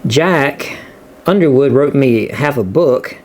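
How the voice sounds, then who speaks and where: Man, middle-aged, slightly high voice, rambling casual vlog chat, restarts a lot. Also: lively intonation, normal speed, slight background noise. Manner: laid-back, rambling, repeats words and restarts often. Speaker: channel host reading viewer comments.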